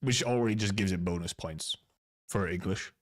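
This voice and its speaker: A man's voice: low voice, normal speed. A Finnish streamer chatting casually as he reviews game content, rambling and restarting his words. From Finland. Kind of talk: casual live-stream commentary.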